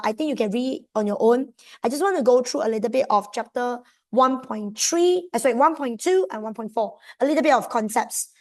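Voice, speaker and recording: A young woman with a Malaysian accent, giving an exam revision lesson in a lively, emphatic way. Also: a little high. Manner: lively, emphatic, mixes in local slang particles. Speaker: tutor.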